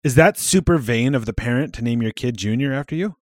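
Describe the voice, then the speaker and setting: A man with a mid-pitched voice chatting casually on a podcast. He swears freely and often trails off mid-sentence. The sound is close and dry. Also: animated, fast, no room sound. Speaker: podcast co-host. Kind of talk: casual chat.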